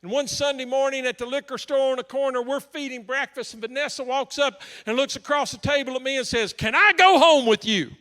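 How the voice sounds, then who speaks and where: A male pastor preaching through a story, humorous and anecdotal. His voice sits high for a man and sounds bright and forceful. It carries through a large church hall with a long reverb. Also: flat delivery, a little fast, hardly any pauses, clear, resonant tone. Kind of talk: sermon storytelling.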